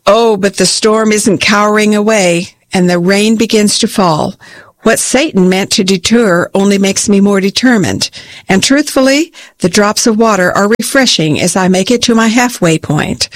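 A woman reading a scripted devotional in a calm, steady way. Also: medium pitch, no room sound. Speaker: devotional reader.

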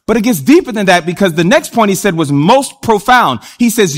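Animated high-voiced male preacher. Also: moderate pace, hardly any pauses. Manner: animated, addresses the congregation directly. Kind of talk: sermon.

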